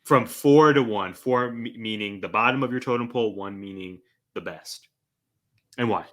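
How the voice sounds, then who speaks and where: A man with a lowish voice speaks at a normal pace, hosting a wrestling podcast where he plugs the channel and keeps putting questions to his co-host in a steady way. He also reads tweets aloud, and the talk is a casual chat mixed with plugs for listeners.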